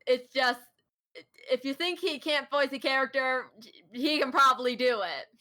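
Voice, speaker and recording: A woman's voice: sits high, moderate pace, pushed and bright. A woman hosting a casual chat, talking about a creator she admires with eager, giggly enthusiasm. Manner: enthusiastic, giggly fan talk. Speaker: host.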